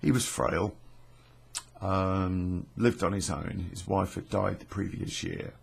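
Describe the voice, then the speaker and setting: Gravelly slow-talking storyteller man. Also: low voice, level tone. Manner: rambling, swears freely, many fillers and restarts. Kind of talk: casual spoken storytelling.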